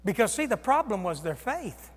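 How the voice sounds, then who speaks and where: Animated high-voiced preacher in a reverberant hall. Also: male voice, moderate pace, breathy edge. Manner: animated, acts out voices of Jesus and disciples, swings loud and soft. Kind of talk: sermon.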